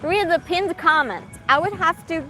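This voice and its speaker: Giggly high-voiced woman. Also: moderate pace, pushed and bright, low-quality recording. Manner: chatty, giggly, reads comments aloud. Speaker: livestreamer. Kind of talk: casual chat reading live comments. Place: outdoors on a night walk. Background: music from a passing car.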